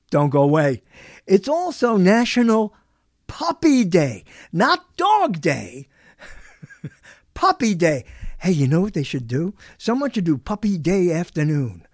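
Lively rambling talk show host. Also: mid-range voice, no echo, studio quality. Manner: rambling, chuckling asides. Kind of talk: live late-night talk show monologue.

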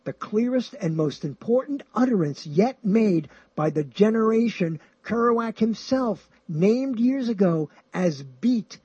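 Husky guy hosting a book show, rambles and chuckles, fairly high voice, kinda dull lo-fi recording. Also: no room sound. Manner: animated, jumps between high and low pitch, chuckles often. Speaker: show host. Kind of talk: rambling radio-style talk about books.

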